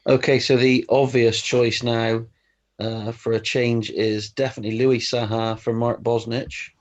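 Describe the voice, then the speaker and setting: A man's voice: mid-range voice, level tone, unhurried, lo-fi sound. A man co-hosting casual chat on a football game stream, making dry, wry remarks. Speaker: co-host.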